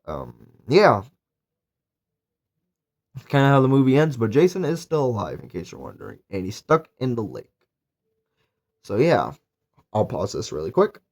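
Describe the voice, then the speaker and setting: A young man recapping and reviewing a horror movie in a casual, rambling way, with lots of fillers and eager praise. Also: medium pitch. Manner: rambling, filler-heavy, enthusiastic.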